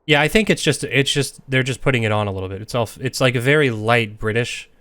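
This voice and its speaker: A man's voice: medium pitch, quick pace, fairly bright tone, no room sound. A young man streaming a game, talking casually and rambling as he jokes about the story and mocks the characters' lines. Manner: rambling, joking, mocking imitations of characters. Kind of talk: casual gameplay commentary.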